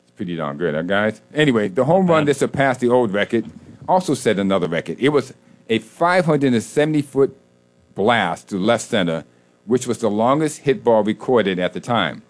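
A man's voice: mid-range voice, big pitch swings, moderate pace. Storytelling male co-host. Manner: storytelling, playful, reads stats. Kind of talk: casual sports talk and joke-telling.

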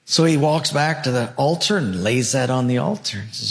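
A man preaching a sermon, telling a story dramatically and swinging between loud and hushed. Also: medium pitch, animated, moderate pace, vocal fry, few pauses. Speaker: pastor.

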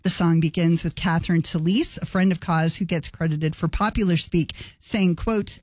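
A woman's voice: fairly low pitch, fairly even intonation, normal speed, few pauses, a little mellow, no room sound. A woman radio host narrating a scripted feature, chatty and adding light asides. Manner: conversational, adds light asides.

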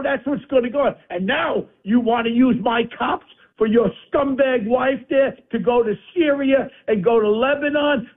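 A man's voice: very high-pitched, vocal fry, breathy edge. Blustering New man on a phone line. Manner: combative, insulting, blustering. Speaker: guest on talk radio. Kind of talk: angry political rant.

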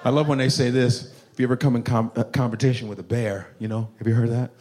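A man doing stand-up comedy, profane and animated, jumping into voices. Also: medium pitch, quick pace.

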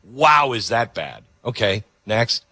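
A man's voice: medium pitch, very animated, slow pace, bright, forceful tone, dry recording. A man hosting a talk radio show, talking in an incredulous, sarcastic way. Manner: incredulous, sarcastic, with mock role-play.

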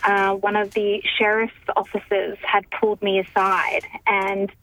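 A woman calling in to a radio show, telling her story in a giggly, animated way over a phone line. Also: medium pitch, measured pace. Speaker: caller. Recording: phone line with faint hiss.

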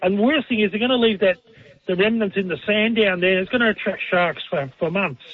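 Male radio caller, high husky voice, halting, rambling delivery, muffled call audio. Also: slight background noise.

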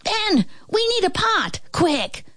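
A woman voicing three fussy little pigs from a storybook in high, squeaky voices. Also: big pitch swings, slow pace, fairly bright tone, dry recording, full character voice.

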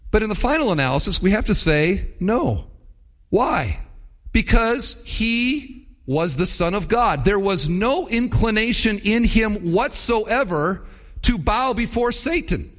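A man preaches a sermon in a conversational teaching manner and drives his points home with rhetorical questions. His voice sits notably high for a man. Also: big pitch swings, takes it slowly, a bit bright.

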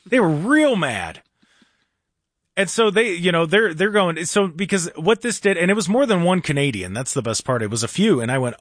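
A man's voice: sits high, sing-song, normal speed, fairly bright tone, no room sound, clean studio sound. A man hosting a talk radio show, telling a story in a sarcastic, mocking way.

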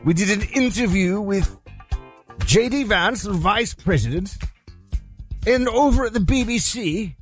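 A man's voice: high voice, lively intonation, a little slow, pauses often, breathy edge, faint music behind. A man co-hosting a talk radio show, joking and playful. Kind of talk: casual radio chat.

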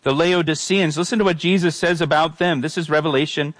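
A man's voice: on the high side, steady tone, brisk, a bit bright, dry recording. A man, a pastor preaching an earnest sermon and repeating phrases for emphasis.

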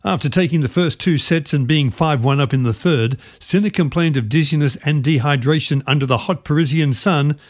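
Guy reading a tennis sports report on radio, quick and matter of fact. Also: on the high side.

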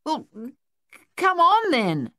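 A woman voicing a cheeky young male soldier who yells and stammers when excited. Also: sits high, slow, dry recording, studio quality, pitched above the performer's own voice, heavily acted. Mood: gleeful.

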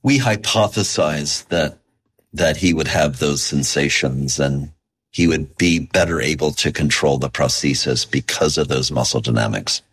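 A male researcher answering interview questions in a measured, explanatory way. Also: very deep voice, fairly bright tone, husky. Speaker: researcher guest.

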